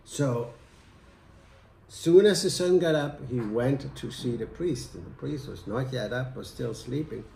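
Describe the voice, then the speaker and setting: Male folk-tale teller, slow, mellow, echoey room. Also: medium pitch, vocal fry, slight background noise. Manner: lively, animated telling. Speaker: storyteller.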